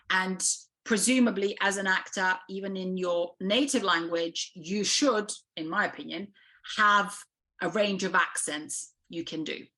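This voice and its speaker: A woman's voice: medium pitch, pushed and bright. Serbian woman casting director talking frankly, lots of you know and restarts. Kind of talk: interview conversation.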